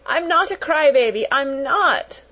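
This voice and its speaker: A woman's voice: animated, measured pace, pushed and bright, heavily acted. A woman reading aloud, voicing a small spoiled girl who sobs and whimpers in a childish voice. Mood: wailing. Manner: high, sobbing, childish whimper.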